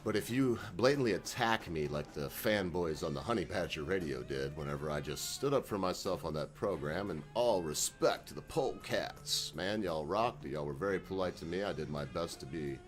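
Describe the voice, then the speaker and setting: A man with a notably deep, low voice hosts his own video channel. He rambles in a folksy, unscripted way and breaks in with chuckling asides. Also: normal speed, faint music behind. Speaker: channel host. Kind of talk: casual rambling video monologue.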